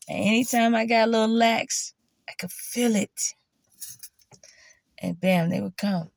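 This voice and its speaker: A woman vlogger telling a profane, animated story in casual monologue and often quoting herself. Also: lowish voice, gravelly, dry recording.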